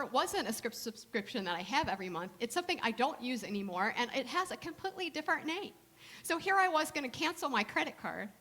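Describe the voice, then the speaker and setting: A woman minister preaching a sermon in a conversational, storytelling way, slowing down softly to stress her points. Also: on the high side. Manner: conversational storytelling with slow soft emphasis.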